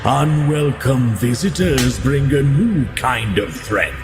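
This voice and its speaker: A man voicing a grim, ominous narrator for a game trailer, speaking in a gravelly, booming voice. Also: animated, takes it slowly. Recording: roomy trailer mix over music.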